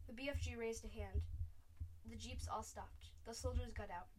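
A woman reading a children's book aloud with expressive storytelling. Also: fairly high pitch, normal speed, distant mic, slight background noise, low-quality recording. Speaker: narrator.

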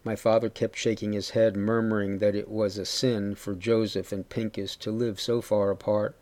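A man giving a steady, measured first-person story reading. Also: fairly low pitch. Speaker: reader.

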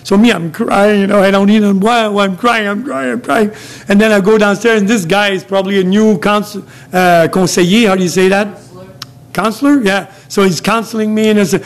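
High-voiced middle-aged preacher with a Quebec French accent. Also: male voice, fairly even intonation, a little fast. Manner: chuckles often, rambling with restarts. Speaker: lay preacher. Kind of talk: informal sermon. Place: small café.

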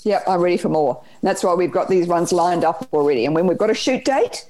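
A woman's voice: fairly low pitch, expressive, fast, darkish tone, poor audio. Upbeat woman from New Zealand. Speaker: podcast guest, business trainer. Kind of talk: casual podcast interview.

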